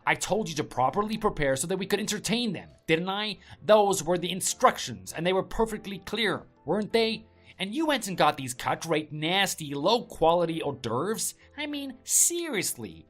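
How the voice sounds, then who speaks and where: A woman's voice: fairly low pitch, sing-song, moderate pace, soft background music. A woman voicing an arrogant, contemptuous young husband who sneers and scolds his wife. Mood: sneering. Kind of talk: story drama voice acting.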